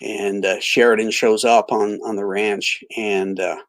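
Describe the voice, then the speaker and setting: A middle-aged man hosting a live stream, telling a rambling story full of halting restarts and reading out chat greetings. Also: lowish voice, level tone. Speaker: livestream host.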